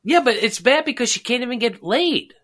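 A man's voice: extremely high pitch, lively intonation, fairly quick, a bit bright. A man co-hosting a podcast, making crude jokes in casual chat and laughing as he talks. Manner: crude joking, laughing mid-sentence. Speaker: podcast co-host.

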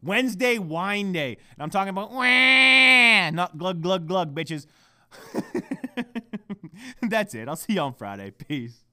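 This solo podcast rant comes from a man whose voice sits high, with lively intonation, a moderate pace and a fairly bright tone. He's heated and swears constantly, recording at home into a laptop microphone with no echo.

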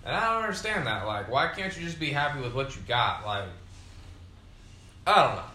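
A man's voice: mid-range voice, big pitch swings, normal speed, bright, forceful tone. Tipsy young man rambling, roomy echo. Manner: profane, meandering, frequent fillers. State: tipsy from beer. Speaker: podcast host. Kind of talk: rambling casual monologue.

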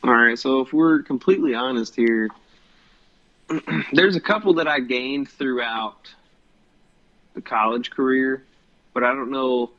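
A man's voice: mid-range voice, a little slow, long pauses, pushed and bright, lo-fi sound. A young man co-hosting a podcast in casual chat, rambling and hesitant with lots of ums. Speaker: podcast co-host.

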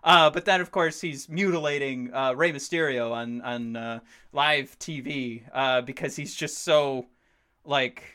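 A man in his thirties co-hosting a podcast in casual chat, excitable and rambling, swearing freely as he talks. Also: medium pitch, measured pace, smooth. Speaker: podcast co-host.

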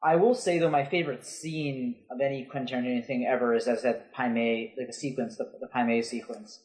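A man's voice: mid-range voice, steady tone, brisk, darkish tone, low-quality recording. A man chatting on a podcast as a co-host, rambling with lots of fillers and restarts. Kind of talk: casual podcast discussion.

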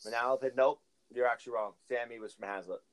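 A man's voice: mid-range voice, steady tone, fast talker, crowd noise. A man with a light New Jersey accent hosting a podcast, chatting casually at an outdoor barbecue in a rambling, filler-heavy way. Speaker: podcast host. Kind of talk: casual chat.

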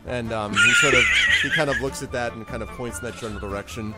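A man narrating as game master in a relaxed, rambling way with many fillers. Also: lowish voice, brisk, hardly any pauses, over music.

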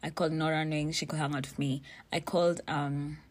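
A young woman tells a story in a lively, casual way, with a slightly low voice. She swears freely and slips into Swahili now and then. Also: brisk. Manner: animated, swears freely, mixes in Swahili phrases. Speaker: vlogger telling a story. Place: in a car with friends.

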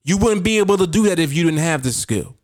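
Speaking fast with lively intonation, this man's voice is slightly high, captured in clean studio sound with no echo. As a podcast host and trading coach, he delivers casual motivational talk, hammering points home emphatically and repeatedly.

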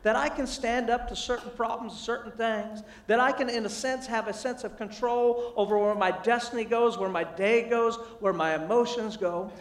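A man giving a humorous motivational sermon, telling a family story with animated, self-deprecating delivery. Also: high-pitched. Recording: echoey, distant mic in a large room.

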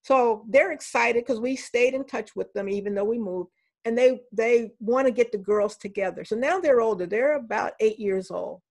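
A woman's voice: a little high, normal speed, a little mellow. An older woman, a professor, telling anecdotes in a conversational interview and voicing the people she quotes.

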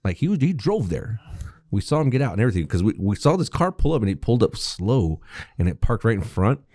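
A young man co-hosting a podcast, telling a story with lots of cursing and laughter. His voice sits low but swoops up and down constantly. The sound is dry and close, with no room around it. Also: fast, dry recording. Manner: profane, animated storyteller, laughs often. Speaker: podcast co-host. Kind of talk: casual chat, storytelling.

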